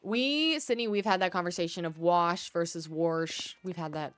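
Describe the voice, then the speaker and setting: A woman's voice: on the low side, normal speed, smooth. A young woman from the American Midwest with a Midwestern accent, chatting casually with viewers while streaming a game and drawing out words for drama. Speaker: gaming streamer.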